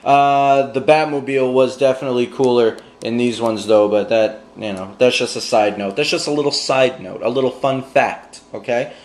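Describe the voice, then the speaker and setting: A man's voice: mid-range voice, fairly even intonation, moderate pace, hardly any pauses, darkish tone. A man reviewing movies in a casual vlog, enthusiastic and slangy, joking as he goes. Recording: echoey room with faint hum.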